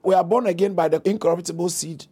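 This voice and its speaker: A man preaching a sermon, impassioned and building to shouts, repeating phrases for emphasis. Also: high voice, fairly even intonation, fast, breathy edge.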